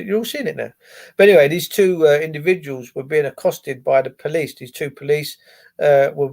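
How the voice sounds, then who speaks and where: A man ranting on a live stream, his voice sitting high and full of gravel. He swears freely and drifts between sarcastic asides and answers to viewers. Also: a little mellow. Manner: profane, sarcastic, wandering. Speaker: live-stream host reading chat. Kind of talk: casual ranting commentary.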